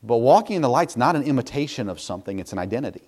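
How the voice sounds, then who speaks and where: A man in his thirties delivers a sermon as a pastor. His pitch moves a lot, climbing high when he is emphatic and dropping low and quiet when he turns confessional. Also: sing-song, racing, slightly rough. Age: 30s. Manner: swings from loud emphatic preaching to soft hushed confession.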